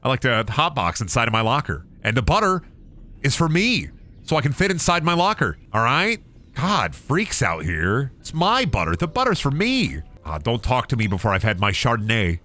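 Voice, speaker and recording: A man's voice: mid-range voice, huge pitch swings, normal speed, bright, forceful tone. A young man streaming a game, rambling profanely and joking around, often slipping into silly voices. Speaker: gaming streamer. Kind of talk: casual gameplay commentary.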